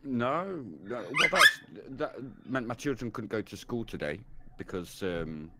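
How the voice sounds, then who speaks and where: Laid-back podcast host. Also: male voice, lowish voice, very animated, measured pace, very noisy. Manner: laid-back, chatty, swears casually. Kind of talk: casual podcast chat.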